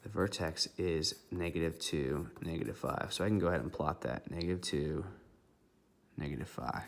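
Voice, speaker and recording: A man's voice: very deep voice, moderate pace, slight background noise. A man teaching a recorded math lesson, walking through each step methodically and checking in with "okay" along the way.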